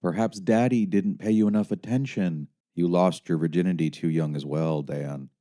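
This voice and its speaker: A man voicing a sultry, know-it-all female GPS unit with a put-on British accent, smug and slow. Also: low voice, steady tone, mellow, close to an everyday voice. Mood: smug, teasing. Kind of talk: audiobook reading.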